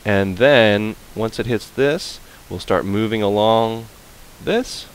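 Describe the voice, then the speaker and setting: A man's voice: fairly low pitch, takes it slowly, slight background noise, poor audio. A man giving casual, chatty commentary while playing a game, playful and prone to humming and repeating fillers. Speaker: let's play host.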